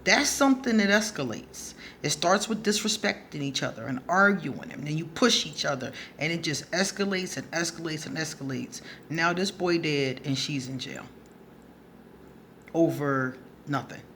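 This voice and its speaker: Her voice sits low and is expressive and a bit bright, with a moderate pace, and a little hiss or hum runs underneath. As an advice vlogger replying to a subscriber, she tells her story bluntly and profanely in a casual monologue, laughing often.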